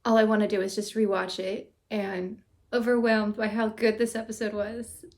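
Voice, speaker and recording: A woman hosts a casual reaction video, reviewing an episode in an effusive, excitable way. Her voice sits at a middling pitch for a woman, and she gushes freely as she talks. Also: normal speed.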